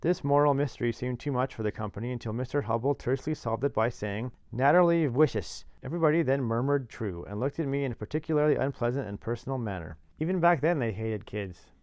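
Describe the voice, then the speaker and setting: A man's voice: medium pitch, quick pace, hardly any pauses, a little mellow, dry recording. Man reading a classic novel aloud, dry sound. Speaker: narrator.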